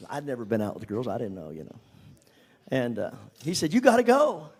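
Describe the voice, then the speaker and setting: An older man telling a personal story to a congregation, animated and at times dropping to a whisper. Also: fairly low pitch, fairly quick, husky. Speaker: speaker giving a testimony.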